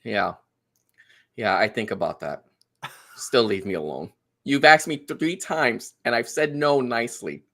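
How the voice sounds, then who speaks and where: A man's voice: mid-range voice, measured pace, vocal fry, long pauses, a bit bright. A man talking as a guest in a casual chat, telling stories in a dry, sarcastic, snarky way.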